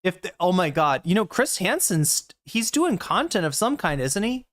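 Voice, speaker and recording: A woman's voice: on the low side, big pitch swings, normal speed. A woman streamer chatting casually while reacting to a video, rambling and talking to her chat.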